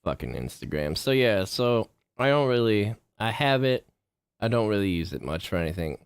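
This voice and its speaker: A man's voice: fairly low pitch, big pitch swings, normal speed, clean tone, no echo. A man vlogging in a casual, rambling monologue, swearing freely and getting worked up as he talks. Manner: profane, rambling, gets worked up.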